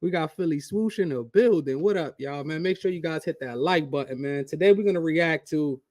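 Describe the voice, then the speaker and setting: A man hosting a casual live reaction stream, talking to his chat in a slangy, relaxed way. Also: fairly high pitch, a little fast, no echo, studio quality. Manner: slangy, talks straight to chat. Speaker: channel host.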